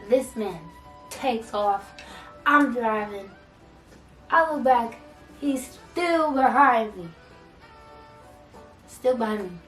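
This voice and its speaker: A young woman vlogger casually telling a storytime, acting out both sides of an argument in an animated way. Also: on the high side, slow pace, long pauses. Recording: echoey room, mic at a distance, faint music.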